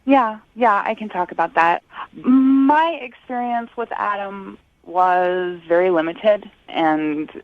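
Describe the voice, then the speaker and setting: A woman's voice: mid-range voice, slow, no room sound. A woman talking to radio hosts over the phone, hesitant and polite, with nervous laughs. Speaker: caller on the phone. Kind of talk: phone conversation. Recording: dull phone line.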